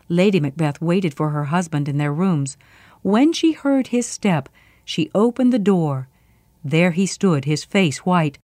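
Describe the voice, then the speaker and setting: Brief: storybook narrator, woman, lowish voice, dry close recording. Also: unhurried, no echo. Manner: clear, steady reading.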